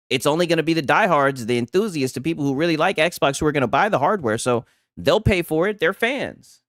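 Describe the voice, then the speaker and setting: A man hosting a stream, reacting to clips with loud, laughing, profane mockery. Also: on the high side, no echo, studio quality. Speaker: livestream host reacting to clips. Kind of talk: casual reaction commentary.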